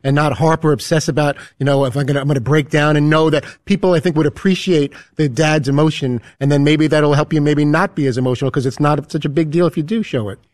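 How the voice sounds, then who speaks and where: A man's voice: fairly high pitch, quick pace, few pauses, darkish tone, no echo, clean studio sound. A man co-hosting a casual sports talk show, earnest and encouraging, rambling through his advice. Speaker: co-host.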